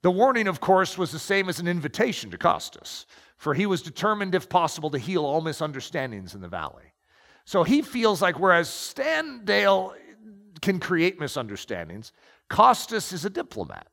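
A man's voice: high-pitched, wildly swooping pitch, moderate pace, vocal fry, a bit bright. A man preaching and reading aloud from a book, emphatic and storytelling. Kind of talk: sermon with read-aloud passages. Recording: long echoing reverb.

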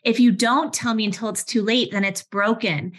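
Animated woman in HR talk. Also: on the high side, normal speed. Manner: animated, restarts often, vivid everyday anecdotes. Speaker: head of HR, session host. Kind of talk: conversational webinar talk.

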